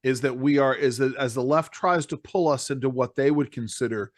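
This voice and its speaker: A man's voice: medium pitch, a little fast, dry recording, studio quality. A man hosting a political talk podcast. He sums up his co-host's points and steers the conversation. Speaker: podcast host.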